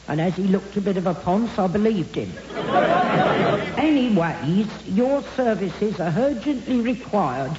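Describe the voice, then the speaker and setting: An actor putting on the voice of a blunt, gossipy old housekeeper in a comedy radio drama, with a roomy echo. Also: male voice, high-pitched, darkish tone, muffled recording, slight background noise, voice pushed up. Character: blunt old housekeeper woman writing a letter.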